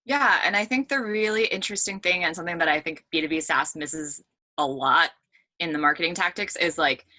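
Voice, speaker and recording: A woman's voice: lowish voice, a little fast, pushed and bright, no room sound. A woman, a marketing leader, talking casually as a podcast guest and laughing easily. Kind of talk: casual interview chat.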